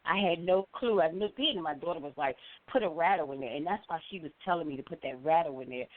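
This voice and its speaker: A middle-aged woman calling in to a show, telling a story with lively acted-out quotes. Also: low-pitched, quick pace. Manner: animated storyteller, acts out quoted voices. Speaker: caller. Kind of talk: call-in storytelling. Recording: phone line.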